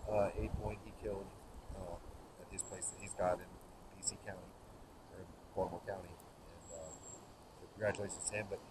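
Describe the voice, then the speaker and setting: A man's voice: sits low, a little fast. A man, host of the show, telling rambling, folksy hunting stories around a campfire outdoors. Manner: folksy, rambling, laughs at his own stories. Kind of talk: casual storytelling by a campfire. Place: outdoors by an open fire. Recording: outdoor recording with steady background noise.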